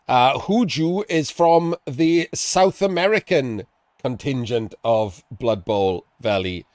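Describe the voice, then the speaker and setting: A man casting a live tabletop-style video game match, chatty and excitable, laughing and swearing casually as he explains the plays. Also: mid-range voice, slow pace, no room sound. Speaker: esports commentator.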